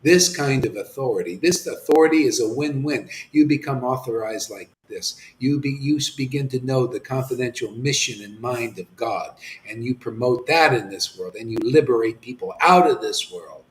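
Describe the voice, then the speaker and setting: A man preaching an impassioned sermon as a spiritual teacher, swinging from shouts to hushed near-whispers and dropping casual slang. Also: medium pitch, normal speed, hardly any pauses, slight background noise. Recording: roomy echoey room.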